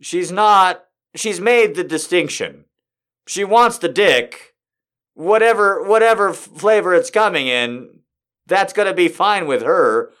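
A man's voice: high-pitched, expressive, measured pace, fairly bright tone. Rambling man reading and joking. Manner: rambling, laughs a lot, mock-exasperated. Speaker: reader and commentator. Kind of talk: comedic reading with commentary.

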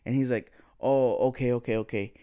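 A man in casual conversation, telling a story with loose, profane energy. His voice sits at an average pitch, and he acts out the other people's lines as he goes. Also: a little fast, smooth. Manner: profane, animated retelling with quoted dialogue.

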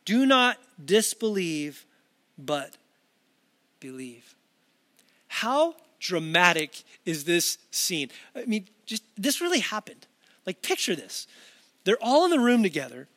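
A male pastor with a noticeably high voice, preaching to a camera in a conversational, earnest way. He often restarts his sentences and slips in casual asides. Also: sing-song, measured pace, fairly bright tone. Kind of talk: sermon delivered to a camera.

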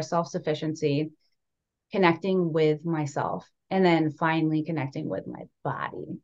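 A young woman tells her story in a candid, loose conversational way, leaning on fillers and asides. Her voice sits on the low side for a woman. The recording sounds dull and muffled. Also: a little slow. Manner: candid, animated, many fillers like "like" and "right". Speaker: podcast guest.

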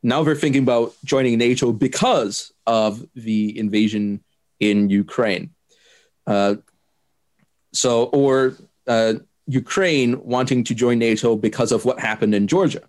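A man answering interview questions, laying out his view in a careful, measured way and pausing often with hesitant fillers. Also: mid-range voice. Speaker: interviewee explaining politics. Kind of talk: unscripted explanatory interview.

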